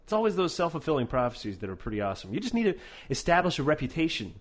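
A man co-hosting a casual chat show, animated and profane, raising his voice for emphasis. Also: fairly high pitch, very fast. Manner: animated, swears a lot, shouts for emphasis. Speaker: podcast co-host.

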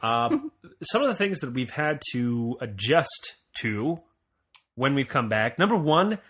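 Joking, animated male podcast host. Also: mid-range voice, slow. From Montreal, Canada. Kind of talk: casual podcast chat.

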